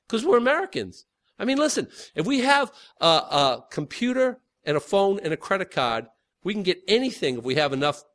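A man's voice: high voice, a bit bright. A man preaching a sermon in an emphatic, conversational way, repeating his key points. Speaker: pastor.

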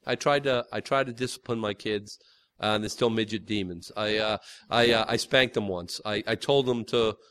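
A man voicing an impatient, self-pitying churchgoer who gives up quickly. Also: lowish voice, a bit bright, clear, resonant tone, pitched below the performer's own voice, close to an everyday voice. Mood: sulky.

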